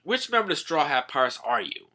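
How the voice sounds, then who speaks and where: A man's voice: on the high side, sing-song, fast talker, pushed and bright, voice pushed up. A man doing an earnest young prince. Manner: formal and polite. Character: formal young merman prince, male, earnest.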